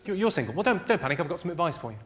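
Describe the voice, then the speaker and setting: A man doing stand-up comedy on stage, firing off deadpan one-liners and teasing audience members in a large theatre. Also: on the high side, racing. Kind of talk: stand-up comedy roast with crowd work. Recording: loud laughing crowd, live noise.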